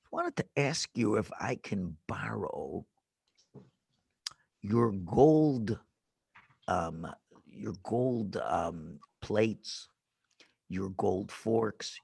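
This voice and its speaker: A man voicing a bold Jewish woman who quietly coaxes her neighbor. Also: medium pitch, gravelly, no echo, pitched below the performer's own voice, full character voice. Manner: hushed, coaxing.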